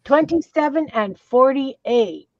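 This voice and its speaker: A fairly high-voiced middle-aged woman hosts a casual art live stream, talking in an easygoing, chatty way and thinking out loud. Her audio comes through dull and dry, like a computer mic on a call. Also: animated, slow, no room sound. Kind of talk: casual chat.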